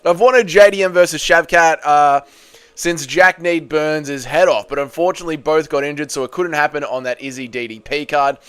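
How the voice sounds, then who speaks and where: A man's voice: fairly high pitch, moderate pace, clean tone, dry recording. Swearing young man hosting a livestream. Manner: excitable, swearing, loud bursts when reacting to chat. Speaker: livestream host. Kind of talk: casual livestream chat reading comments.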